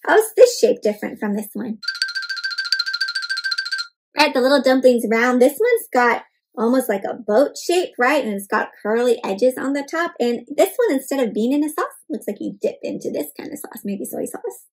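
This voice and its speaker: A woman reading a picture book aloud to children, animated and often asking her young listeners questions. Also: high-pitched, moderate pace, breathy edge, faint music behind. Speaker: children's storyteller. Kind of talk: interactive read-aloud for kids.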